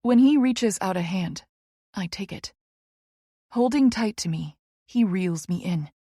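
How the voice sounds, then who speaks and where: Slow husky woman narrating. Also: mid-range voice, lively intonation, dry recording, studio quality. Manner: slow, hushed and intimate. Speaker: audiobook narrator. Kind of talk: first-person romance narration.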